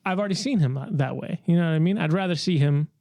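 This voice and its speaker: A man co-hosting a casual podcast, working through his opinions with restarts. His voice sits fairly high and sounds dry and close. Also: quick pace, gravelly, mellow, dry recording. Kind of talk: casual chat.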